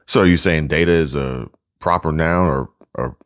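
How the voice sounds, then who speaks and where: A man's voice: a bass voice, normal speed. A man co-hosting a casual podcast, rambling and joking with many fillers, recorded without studio microphones. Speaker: podcast co-host.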